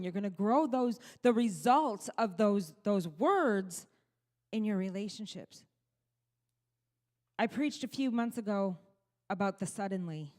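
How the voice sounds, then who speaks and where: Middle-aged woman pastor, fairly high voice, earnest preaching, long church-hall reverb. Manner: earnest, quotes people in lively put-on voices. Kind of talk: sermon. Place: church sanctuary.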